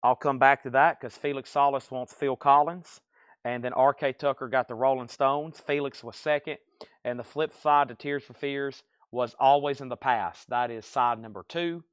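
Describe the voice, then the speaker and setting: A man with a smooth, clear voice hosts a live vinyl sale, reading out titles and prices in quick, upbeat patter. He speaks with his own accent, and the close mic keeps the sound dry. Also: mid-range voice, steady tone, dry recording. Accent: regional accent he mentions himself. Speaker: live-stream vinyl record seller. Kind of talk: live sales stream, reading out items and buyers.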